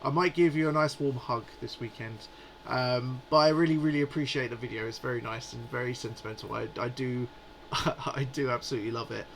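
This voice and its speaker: A man's voice: medium pitch, fairly quick, vocal fry, a bit bright, a little hiss or hum, rough recording. A man in his forties hosting a live stream, chatting in a rambling, amused way. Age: 40s. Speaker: livestream host. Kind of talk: casual live chat.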